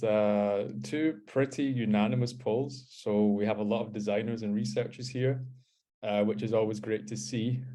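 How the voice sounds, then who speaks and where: A man with a Scottish accent presenting in a webinar in a relaxed way, with many ums and uhs, over a video call mic. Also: fairly low pitch. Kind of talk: casual webinar talk.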